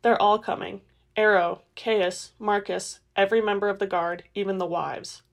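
A woman's voice: mid-range voice, steady tone, moderate pace, gravelly, lo-fi sound, lightly acted. A woman voicing a haunted vampire seer who speaks hollowly, as she reads a novel aloud. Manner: hollow, distant.

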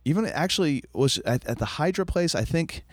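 Animated man chatting about a show. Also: fairly quick, dry recording, studio quality. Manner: animated, jumps up high for quoted lines. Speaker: podcast co-host. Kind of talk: casual chat about TV.

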